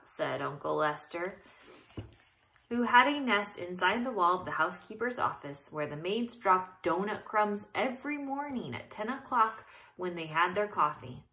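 Expressive woman reading a storybook aloud. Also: medium pitch, a little slow, low-quality recording. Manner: expressive, occasional self-corrections. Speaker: narrator.

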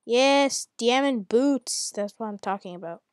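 A woman giving live commentary on her own gameplay at home, muttering to herself and then yelling at opponents in exasperation, with mild cursing. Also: measured pace, dry recording, clean studio sound. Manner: swings from low muttering to angry yelling at opponents. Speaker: gamer.

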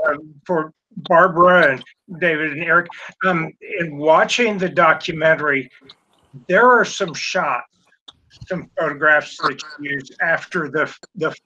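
A man moderates a panel discussion and often stops to search for his words. His voice is fairly high and bright, and he speaks slowly. The sound is dull and lo-fi. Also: slight background noise. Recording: dull lo-fi audio.

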